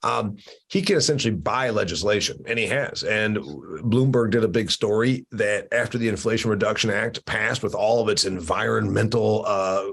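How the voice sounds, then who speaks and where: A man's voice: fairly low pitch, normal speed, vocal fry, a bit bright, breathy edge. A man hosting an opinionated discussion over a video call, emphatic and teasing, with many restarts. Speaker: podcast host.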